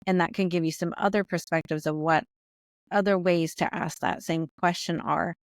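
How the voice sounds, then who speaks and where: A woman guest on a podcast explaining her ideas over a remote call in a relaxed way, often saying "I feel like". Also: fairly low pitch, normal speed, no room sound, studio quality. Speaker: podcast guest, business founder. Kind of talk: conversational interview answers.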